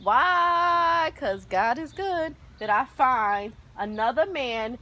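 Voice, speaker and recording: A woman telling a story on her vlog, animated and dramatic, acting out loud quotes. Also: sits high, slow pace, lo-fi sound. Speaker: vlogger.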